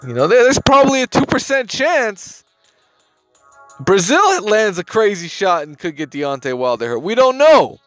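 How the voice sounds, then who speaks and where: Male sports-channel host, casual emphatic delivery, high voice, dry room, faint music bed. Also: big pitch swings, normal speed. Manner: emphatic slangy talk, repeats phrases, swears. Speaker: boxing news host. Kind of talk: casual commentary to camera.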